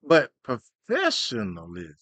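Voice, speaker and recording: Animated, slangy man podcast co-host. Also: mid-range voice, takes it slowly, dry recording. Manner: animated, slangy, plays out skits. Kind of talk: casual podcast chat.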